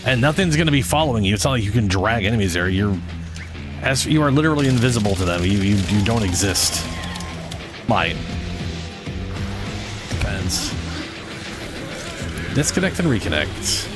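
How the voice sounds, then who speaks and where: A man's voice: on the low side, animated, normal speed, pauses often, music in the background. A man streaming a game in casual chat, sleep-deprived and rambling, cursing now and then.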